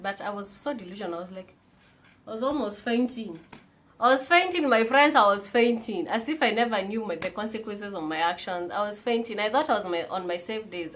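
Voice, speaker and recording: A young woman from Kenya with a Kenyan accent tells a personal story in a casual vlog, animated and chatty, switching between English and Swahili slang. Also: medium pitch, slight background noise. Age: young adult. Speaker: vlogger.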